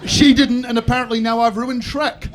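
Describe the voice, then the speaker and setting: Young man with a Southwest English accent doing confessional stand-up, fairly high voice, noisy club. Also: flat delivery, normal speed. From Somerset, England. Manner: chatty, self-mocking, confessional. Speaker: stand-up comedian. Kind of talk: stand-up comedy set. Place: comedy club stage. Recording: noisy live comedy club.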